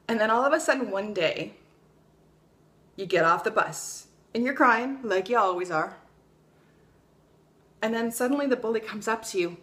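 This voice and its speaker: A woman's voice: medium pitch, lively intonation, moderate pace, pauses often, a bit bright. A young adult woman vlogging in a casual, blunt way, swearing freely and telling stories with energy. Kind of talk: casual opinion vlog.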